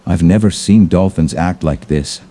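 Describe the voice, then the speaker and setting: A man's voice: low voice, moderate pace, mellow. A man doing a startled young sailor. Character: young male sailor spotting dolphins, growing uneasy.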